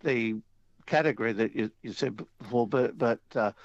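A man playing a radio quiz, hesitant and halting as he talks. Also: medium pitch, dull audio. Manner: hesitant, halting, self-deprecating. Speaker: quiz contestant caller. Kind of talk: casual chat.

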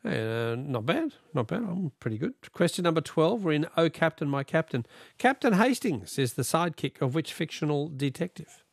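An Australian man hosts a radio quiz with upbeat, chatty banter. His voice is a bit gravelly and swings lively up and down, recorded dry and close on a studio mic. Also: a little high, moderate pace, dry recording.

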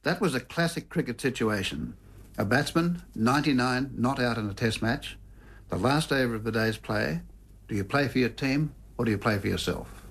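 A male host narrates a sports documentary and leads the interview with pointed questions. His pitch is ordinary and mid-range, and his voice carries a slightly husky tone. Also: animated, moderate pace, a bit bright. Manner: leading, asks pointed questions.

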